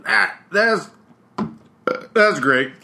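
A man's voice: high voice, animated, very slow, pitched above the performer's own voice, full character voice. A man doing a brash goofy fake Santa. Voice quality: loud, goofy, boastful. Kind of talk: improvised comedy bit.

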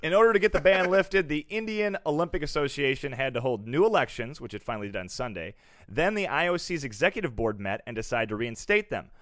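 A man's voice: mid-range voice, fast, no echo, clean studio sound. A man hosting a comedy news podcast, reading headlines and riffing with jokes. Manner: animated, jokey, puts on mock accents.

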